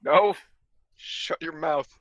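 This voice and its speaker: A man's voice: a little high, slow pace, dry recording. A man co-hosting a livestream, chatting casually, laughing and swearing often over an online call. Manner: laughing, swearing, lively storytelling. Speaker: co-host. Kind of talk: joking livestream banter.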